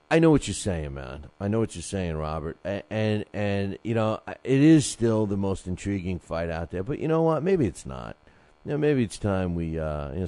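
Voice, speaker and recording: Low, mellow-voiced man rambling on boxing. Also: no room sound. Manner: rambling, many fillers and restarts; reads listener emails aloud. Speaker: boxing podcast host. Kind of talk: casual solo commentary.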